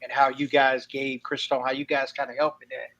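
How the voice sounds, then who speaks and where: A man's voice: mid-range voice, flat delivery, a little fast, fairly bright tone, dull audio. A man hosting a podcast, who talks in a loose, slangy, self-deprecating way as he asks his guest questions. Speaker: podcast host. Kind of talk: casual podcast interview.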